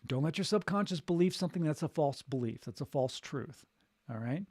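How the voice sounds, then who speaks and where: Man, voice coach, slightly high voice, dry sound, encouraging, repeats himself. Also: expressive, a little fast, a little mellow, no echo. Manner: upbeat, encouraging, repeats key phrases. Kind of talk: live motivational chat.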